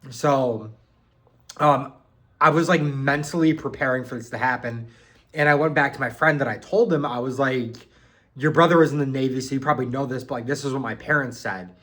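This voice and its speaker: A man's voice: medium pitch, brisk, fairly bright tone. A young man telling a story in a casual, rambling way, full of fillers and swearing. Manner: rambling, lots of "like" and "um", swears freely. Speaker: vlogger recounting boot camp.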